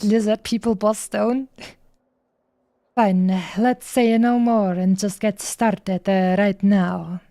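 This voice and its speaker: A woman's voice: mid-range voice, steady tone, slow pace, warm tone. A woman streamer reading game dialogue aloud in a playful way, stopping often on fillers as she goes.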